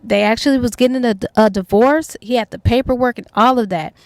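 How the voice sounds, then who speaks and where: Retelling a novel's plot as a book reviewer, this young woman is chatty and colloquial, voicing the characters' lines herself. Her voice is fairly high and her delivery brisk, and the recording is dry.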